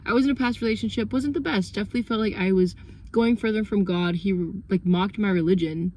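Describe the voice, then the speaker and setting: A woman's voice: medium pitch, fast talker, a little mellow. Chatty young woman vlogging from her car. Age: young adult. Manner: chatty, earnest, many fillers. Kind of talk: casual faith vlog.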